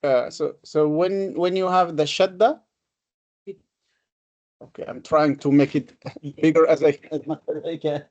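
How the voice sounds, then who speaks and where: A man's voice: a little high, fairly even intonation, measured pace, long pauses, darkish tone, muffled recording. A man teaching a classroom lesson on Quranic reading. He talks patiently, explains step by step and repeats his examples. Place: classroom with a board.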